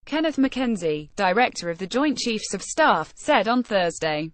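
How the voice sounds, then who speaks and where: A woman reading a news article aloud in an even, steady way. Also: medium pitch, unhurried, no room sound. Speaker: news reader.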